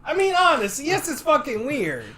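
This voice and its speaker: A woman's voice: high voice, big pitch swings, normal speed, over a noisy crowd. A woman co-hosting a podcast, joking and teasing in casual chat and swearing freely. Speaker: podcast co-host.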